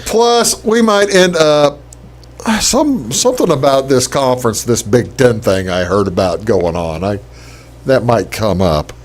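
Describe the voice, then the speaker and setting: A man's voice: medium pitch, a little slow. A man hosting a casual local talk show, chatty and rambling, with many fillers and restarts.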